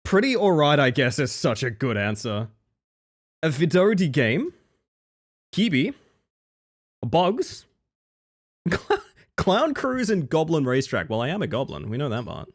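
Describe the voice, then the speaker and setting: A man's voice: fairly high pitch, sing-song, a little slow, pauses often. A male streamer chatting casually on a live stream, teasing and joking with frequent swearing.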